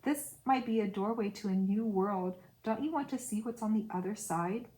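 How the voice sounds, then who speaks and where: Brief: a demanding, whining male urge, voiced by a woman reader, pushy and loud. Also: fairly high pitch, unhurried, natural voice, poor audio. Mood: pleading. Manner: shouting, pleading, whining. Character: pushy lustful male inner urge, whiny.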